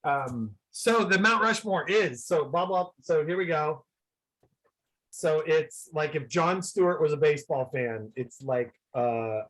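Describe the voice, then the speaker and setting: A man with a medium-pitched, fairly bright voice, captured on a rough recording, chats casually as a guest entertainer on a video call. He rambles, pokes fun at himself, and keeps his energy upbeat.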